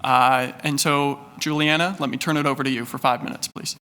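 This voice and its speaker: A man's voice: mid-range voice, steady tone, fairly quick, bright, forceful tone, clear, resonant tone. A man chairing a council meeting, courteously introducing presenters.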